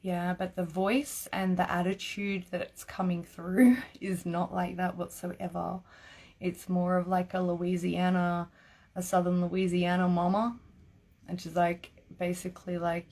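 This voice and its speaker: A woman's voice: fairly low pitch, little pitch movement, unhurried, a little mellow. A woman giving live-streamed psychic readings in a chatty way, laughing often and filling her talk with "like". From Australia. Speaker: psychic reader.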